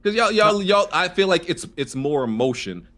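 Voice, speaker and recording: A man's voice: high-pitched, sing-song, moderate pace, pushed and bright. A man arguing his point in a casual podcast debate, insistent and full of stammered restarts.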